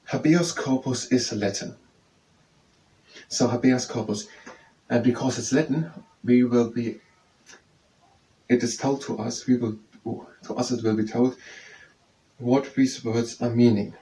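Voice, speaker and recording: Man slowly explaining a study text. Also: medium pitch, little pitch movement, mellow. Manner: slow, repetitive explaining, thinking aloud. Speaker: study tutor. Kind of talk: explaining lesson with yoga breaks. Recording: faint background noise, mic at a distance.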